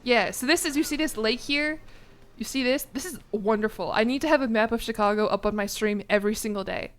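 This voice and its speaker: A woman's voice: on the high side, fairly quick. A young woman streamer chatting casually with her chat from her apartment, laughing often and swearing casually. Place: home apartment.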